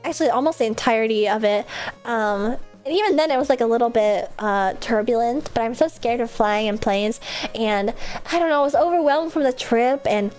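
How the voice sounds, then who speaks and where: A woman's voice: a little high, a little fast, darkish tone, soft background music. A young woman livestreamer chatting casually, bubbly and rambling, laughing often and swearing offhand. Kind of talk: casual stream chat.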